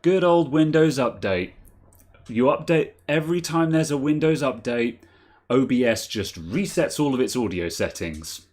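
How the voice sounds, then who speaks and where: A man's voice: medium pitch, expressive, normal speed, a little mellow. A man hosting a live tech podcast stream, chatting casually, laughing often and thinking aloud with fillers. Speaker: podcast host.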